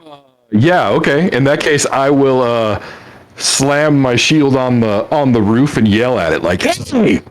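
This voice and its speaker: A man playing a tabletop game as a player, eager and animated. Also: mid-range voice, unhurried.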